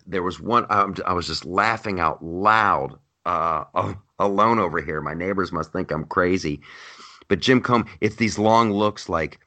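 Bright-voiced man, animated mocking chat. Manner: animated, mocking retelling with big pitch jumps. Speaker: podcast host. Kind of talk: casual comedic chat.

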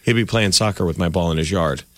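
A man's voice: low voice, quick pace. A man co-hosting a morning radio show, chatting casually and acting out voices in his anecdotes. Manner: animated storyteller, acts out voices in anecdotes.

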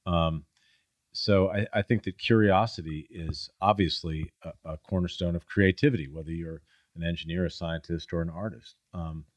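Low-voiced man telling stories. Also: steady tone, moderate pace, no room sound. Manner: storytelling, acts out quoted people in a raised voice. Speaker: guest. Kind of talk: casual conversation.

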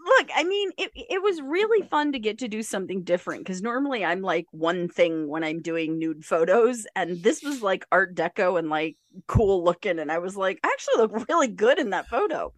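A woman's voice: mid-range voice, animated, normal speed, no room sound. A woman co-hosting a podcast, chatty and laughing often. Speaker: podcast co-host. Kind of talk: casual chat.

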